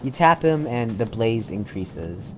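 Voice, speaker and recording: A man's voice: medium pitch, sing-song, slow, a little hiss or hum. A man narrating a tabletop game as game master, laid-back, with many fillers and restarts.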